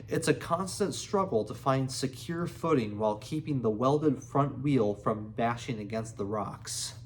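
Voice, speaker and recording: A man reading a memoir aloud in a measured way, now and then breaking into excited, laughing asides. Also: mid-range voice, slight background noise. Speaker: audiobook reader.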